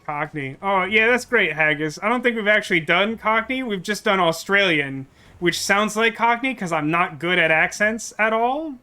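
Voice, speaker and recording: A man's voice: high-pitched, expressive, normal speed, pushed and bright, clear, resonant tone, faint music behind. A man hosting a let's play, reading game dialogue aloud and breaking off into joking, rambling asides.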